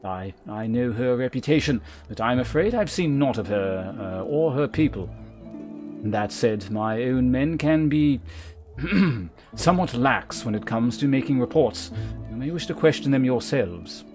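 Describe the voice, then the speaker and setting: A man's voice: medium pitch, lively intonation, measured pace, a little mellow, faint music behind, close to an everyday voice. A man voicing a proud male knight leader, reading formal game dialogue aloud. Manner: formal, old-fashioned speech read aloud.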